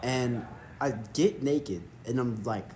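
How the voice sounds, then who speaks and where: A man co-hosting a casual podcast, telling stories in an animated way with lots of swearing and "bro". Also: mid-range voice, takes it slowly. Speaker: podcast co-host. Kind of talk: casual chat. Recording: echoey room, faint background noise.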